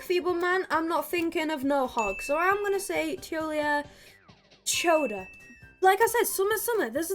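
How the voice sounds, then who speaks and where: A woman's voice: sits high, fairly bright tone. A woman giving casual, giggly and profane gaming commentary as a streamer. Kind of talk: casual tier-list commentary.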